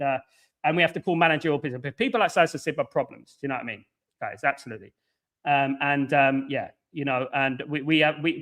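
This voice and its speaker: A man chats live with his viewers in a voice that sits on the high side for a man. He rambles and loops back on the same stock phrases. He is blunt with critics, calls people mate, and his phrases fade away quietly at the end. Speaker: live-stream host. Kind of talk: casual live-stream chat answering viewers' comments.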